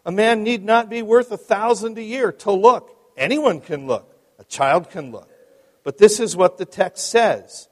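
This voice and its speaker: A man's voice: high-pitched, measured pace, in a large hall, voice pushed up. A man voicing a plain, uneducated lay preacher with an Essex accent, exhorting a small chapel with fervent repetition. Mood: earnest. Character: uneducated working-class male lay preacher, pleading.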